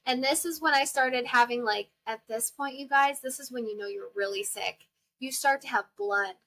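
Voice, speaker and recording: A woman's voice: sits high, normal speed, fairly bright tone. A young woman, hosting a podcast and telling a personal story in a chatty, exclaiming way full of fillers. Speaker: podcast host. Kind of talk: casual storytelling to listeners.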